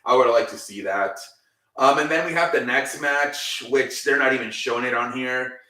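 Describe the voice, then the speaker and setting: A man's voice: mid-range voice, moderate pace, bright, forceful tone, echoey room, recorded from a distance, low-quality recording. A man hosting a casual, improvised recap show. He rambles, swears and openly shows his frustration. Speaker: host.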